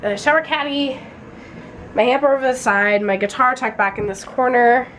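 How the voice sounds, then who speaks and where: A woman's voice: sits high, normal speed, fairly bright tone, a little hiss or hum, poor audio. Chatty young woman vlogging from a dorm. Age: young adult. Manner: chatty and rambling, with many fillers. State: tired. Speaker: college student vlogger. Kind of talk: casual vlog chat. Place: dorm room.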